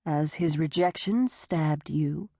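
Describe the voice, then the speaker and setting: A calm, clinical male doctor, as a woman narrator puts him on, lower and softer, gently patronizing. His slow, measured delivery sounds close and dry. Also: vocal fry, no echo, exaggerated voice.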